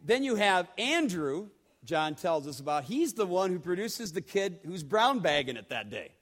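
A man's voice: sits high, very animated, normal speed, fairly bright tone. A man preaching a sermon in a conversational way, often repeating words and asking the congregation questions. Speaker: pastor.

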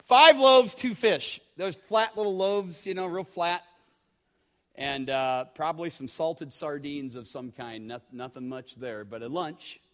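A pastor with a high-pitched voice preaching to his congregation. His delivery is conversational, with repeated words and direct questions to the listeners. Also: measured pace, a bit bright. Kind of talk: sermon.

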